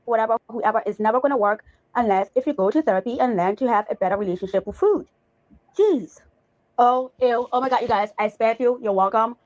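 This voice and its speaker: A woman's voice: fairly high pitch, a little fast, a little mellow, dry recording. A woman giving reaction commentary in a sarcastic, scolding manner. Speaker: commentary YouTuber.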